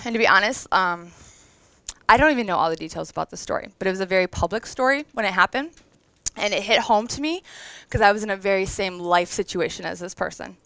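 A woman in her thirties speaks to an audience in a conversational, earnest devotional talk, emotional at times. Her voice is smooth and resonant, at an average pitch for a woman. The sound is dry and close, with no room echo. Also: expressive, fast, a bit bright. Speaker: women's event speaker.

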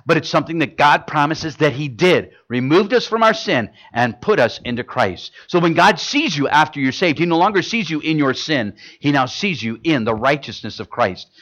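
A man's voice: a little high, expressive, normal speed, few pauses, a bit bright. A man performing stage magic for a live audience, joking with volunteers and tying each trick to a gospel lesson. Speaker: gospel illusionist.

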